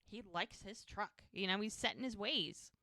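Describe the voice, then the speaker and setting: A woman's voice: medium pitch, normal speed, pushed and bright, no echo, clean studio sound. A woman co-hosting a podcast, casually retelling a TV episode scene by scene, quoting the characters as she goes. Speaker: podcast co-host.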